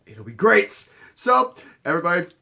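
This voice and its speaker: A man's voice: high voice, big pitch swings, moderate pace, gravelly, sharp tone, slight background noise. A man who works as a bar bouncer and head of security, telling a story to camera in a casual, swaggering way with plenty of swearing. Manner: cocky, profane and swaggering.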